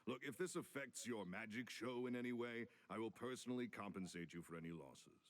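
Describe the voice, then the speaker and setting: An actor playing a gruff, hard-nosed businessman in a game cutscene, with a deep booming voice and a curt, threatening way of talking. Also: fairly quick, close to an everyday voice. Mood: menacing.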